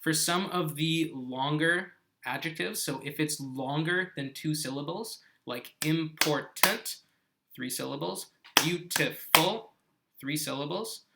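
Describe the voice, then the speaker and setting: A man's voice: on the high side, slow pace, creaky, pushed and bright, a little hiss or hum. A man teaching English grammar in a live-streamed lesson, explaining patiently and often checking "okay?" with his viewers. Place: living on an island in South Korea.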